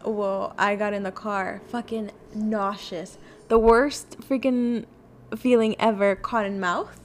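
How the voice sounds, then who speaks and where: A woman's voice: mid-range voice, steady tone, takes it slowly, slight background noise. A woman on a podcast telling a story in casual chat, acting out her own quotes and swearing freely. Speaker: podcast guest.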